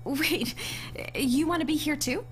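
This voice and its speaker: A woman's voice: high-pitched, measured pace, slight background noise. A woman voicing a skeptical, wry young female heroine in video game dialogue, with dry and doubtful lines.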